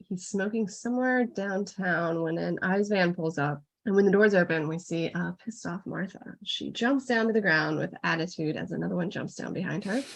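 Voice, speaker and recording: A woman co-hosting a podcast, retelling a television episode in lively, casual storytelling with frequent filler words and casual swearing. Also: fairly low pitch, vocal fry. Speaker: podcast co-host recapping episodes.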